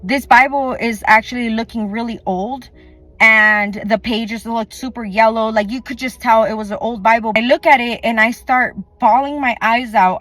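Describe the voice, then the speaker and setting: A woman's voice: fairly high pitch, fairly bright tone, dry recording. Earnest woman telling a testimony. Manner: earnest, chatty, full of "like" and quoted dialogue. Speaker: faith vlogger. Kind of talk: personal testimony storytelling.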